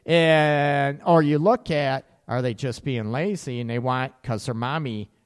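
A man hosting a relationship advice radio show, blunt and animated, with sarcastic asides and casual swearing. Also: mid-range voice, unhurried, clean tone, long reverb tail.

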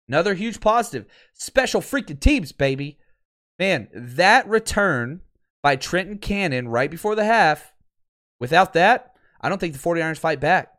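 A man hosts a live sports podcast, excitable and candid, stumbling and restarting as he goes. His voice sits a little high and swings widely in pitch. He is losing his voice.

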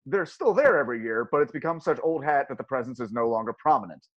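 A man's voice: medium pitch, animated, fast talker. A man hosting a podcast, chatting casually and reading his notes aloud. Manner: enthusiastic, reads notes aloud. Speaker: podcast host. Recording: dull lo-fi mic.

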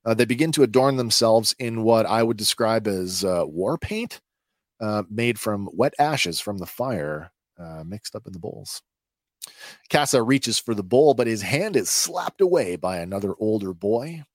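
A man hosting a podcast, recapping a TV episode in a conversational, halting way. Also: lowish voice, expressive, no room sound, studio quality. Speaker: podcast host.

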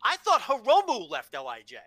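A man's voice: very high-pitched, huge pitch swings, brisk, a bit bright, dry recording. A man co-hosting a casual podcast, telling stories frankly, swearing freely and restarting with repeated words. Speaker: podcast co-host. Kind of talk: casual wrestling podcast chat.

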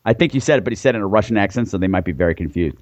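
A man's voice: lowish voice, expressive, very fast, a little mellow. A man co-hosting a casual film podcast, recapping the plot and dropping dry, wry jokes. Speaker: podcast co-host. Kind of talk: casual movie discussion.

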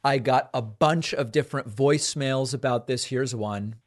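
Animated male talk show host. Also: medium pitch, moderate pace. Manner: animated, conversational, with frequent restarts. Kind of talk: political talk show monologue.

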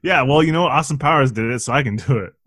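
A man in his thirties co-hosting a casual movie podcast, tossing out deadpan jokes and asides. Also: medium pitch, racing, breathy edge, no room sound. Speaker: podcast co-host.

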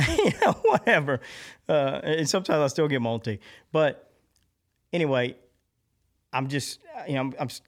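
A man co-hosting a podcast, telling a personal story in an earnest, confessional way, rambling a little with restarts and fillers before drawing a lesson from it. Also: mid-range voice. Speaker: podcast co-host. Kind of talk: personal storytelling, reflective talk.

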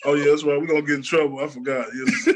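A man from Illinois, an R&B singer, chatting casually as an interview guest over a video call, relaxed with lots of fillers and laughter. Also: fairly high pitch, fast, a crowd in the background. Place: room in a cousin's house.

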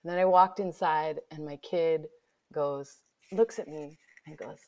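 A woman guest, an author, telling a personal story in conversation, lively and dropping to whispers for her inner thoughts. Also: sits low, a little slow.

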